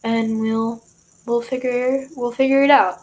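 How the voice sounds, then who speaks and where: Excitable young woman vlogging. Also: fairly high pitch, a little slow, low-quality recording. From Michigan. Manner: rambling, excitable, many fillers. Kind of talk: casual vlog monologue.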